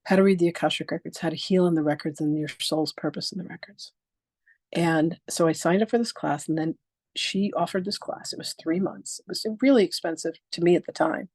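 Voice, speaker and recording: A woman's voice: fairly low pitch, a little fast, a little mellow, dry recording. A woman in her sixties teaching a live online masterclass on spiritual practice. She tells stories with animation, acts out quoted exchanges, and speaks frankly and emphatically, sometimes swearing. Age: 60s.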